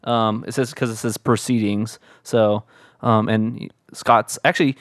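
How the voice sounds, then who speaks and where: A man's voice: lowish voice, steady tone, a little slow, no room sound. A young man co-hosting a casual podcast, talking hesitantly and searching for words. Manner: hesitant, many fillers and restarts. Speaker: podcast co-host.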